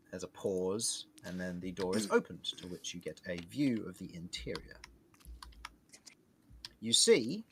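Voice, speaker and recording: A man narrating a tabletop game as game master, lively and laughing often. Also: deep voice, takes it slowly, pauses often, slightly rough. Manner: lively, laughs often while describing scenes.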